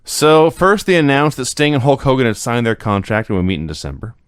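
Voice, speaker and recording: Dude on a podcast being dry and sarcastic, lively voice, dead dry sound. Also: male voice, mid-range voice, a little fast, smooth, dry recording. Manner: dry, sarcastic, wry storytelling recaps. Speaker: podcast co-host. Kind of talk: casual chat.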